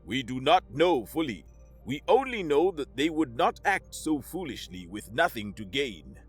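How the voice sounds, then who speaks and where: A man's voice: mid-range voice, very animated, measured pace, breathy edge, soft background music. A man voicing a stern alien ship commander with a synthesized-sounding voice, formal and grave, in a sci-fi audiobook.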